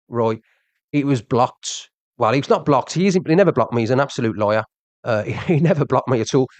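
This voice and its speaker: A man's voice: fairly high pitch, darkish tone, dry recording. A young man in a heated rant to his audience, agitated and repetitive, pressing his listeners with questions. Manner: agitated, keeps asking "do you understand", repeats himself. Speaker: social media streamer.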